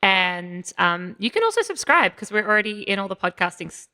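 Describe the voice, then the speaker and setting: An upbeat woman guest on a podcast laughs easily between plugs. Her bright voice moves around a lot in pitch. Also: very animated, brisk. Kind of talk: casual podcast chat.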